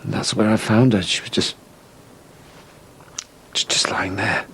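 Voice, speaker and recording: An actor playing a guilt-ridden father in a TV soap, speaking gravely and remorsefully. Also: lowish voice, fairly even intonation, measured pace, fairly bright tone, in a whisper. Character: middle-aged father, guilt-ridden, resigned. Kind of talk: TV soap drama acting.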